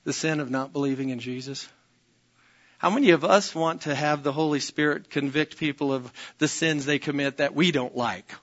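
A man's voice: on the high side, normal speed, fairly bright tone, highs cut off. A man preaching a sermon as pastor, emphatic and repetitive, often calling out "Amen?" to his congregation. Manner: emphatic, repeats phrases, calls out "Amen?" to the congregation.

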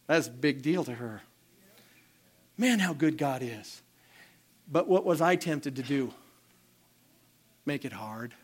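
A man preaching a sermon as pastor, animated and calling out to the congregation for responses. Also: a little high.

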